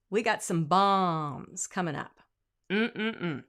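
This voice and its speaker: A woman vocal coach giving a singing lesson, breaking into sung example lines and dropping to quiet asides. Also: medium pitch, animated, moderate pace. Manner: demonstrative, sings example lines; drops to asides and quiet comments.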